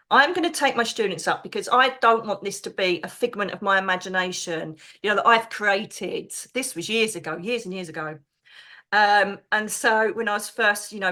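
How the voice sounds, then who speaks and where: A middle-aged woman, a podcast guest, telling stories excitedly and chattily, acting out the voices of people she quotes. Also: mid-range voice. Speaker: podcast guest, psychic medium. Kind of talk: animated storytelling.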